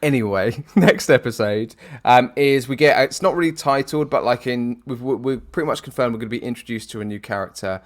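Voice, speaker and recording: A podcast co-host chatting casually at a medium pitch. He rambles, hedging his points with plenty of filler. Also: a little fast, few pauses. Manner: rambling, hesitant with many fillers.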